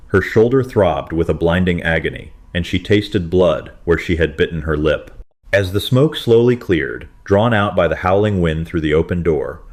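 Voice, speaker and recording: A man narrating a dramatic western romance story in a steady, scripted storytelling manner. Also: deep voice.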